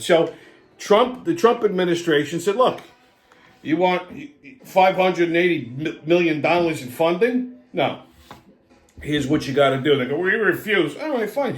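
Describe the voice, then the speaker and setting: A man in his seventies hosts his own show, telling stories and ranting about the news with constant swearing. He talks loudly and in an animated way, and his voice sits high for a man. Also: reverberant. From New England. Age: 70s. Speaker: show host. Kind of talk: profane political rant and storytelling.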